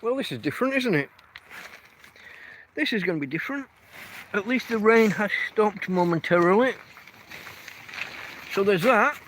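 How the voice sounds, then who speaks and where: English host walking his dog at night, rambling phone-stream chat, a touch higher voice than most men, faint outdoor hiss. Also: expressive, normal speed, pauses often, fairly bright tone. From England. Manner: rambling, talks to his dog between thoughts. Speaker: podcast host. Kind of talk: casual live-stream chat.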